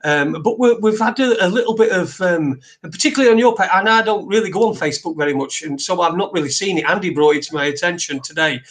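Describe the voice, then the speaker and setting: A man's voice: sits high, quick pace, hardly any pauses, fairly bright tone. A man, co-hosting a casual home podcast, rambling and swearing freely. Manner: sweary, rambling, laughs a lot. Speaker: podcast co-host. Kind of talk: casual chat. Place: living room at home.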